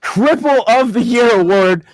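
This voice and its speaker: A man co-hosting a podcast, reading out mock award nominations in a deadpan way with many filler uhs. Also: very high-pitched, measured pace, dry recording. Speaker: podcast co-host.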